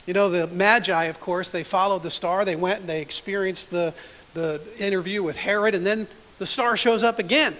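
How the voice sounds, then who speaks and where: A man's voice: high-pitched, normal speed, bright, forceful tone. A man preaching a sermon as pastor, telling a story and acting out its quotes. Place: church sanctuary. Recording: long church hall reverb.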